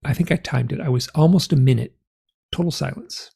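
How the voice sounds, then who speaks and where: A man's voice: medium pitch, fairly quick, gravelly, warm tone, slightly rough. A man, an interview guest, telling a personal story in conversation and acting out the remembered dialogue with big swings in his voice.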